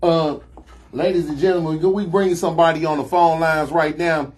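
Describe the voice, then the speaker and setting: A man's voice: a little high, steady tone, moderate pace. A man with a Chicago accent and Southern slang, hosting a casual talk show with emphatic, preachy phrasing. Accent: Chicago Black American English with Southern slang. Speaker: host.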